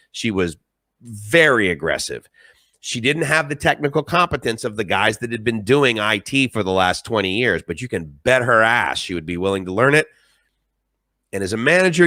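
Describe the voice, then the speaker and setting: A man's voice: fairly low pitch, pushed and bright, no echo, studio quality. Rambling, emphatic middle-aged man. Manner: rambling, emphatic and emotional storytelling. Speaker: live-stream host. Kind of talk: casual live-stream monologue.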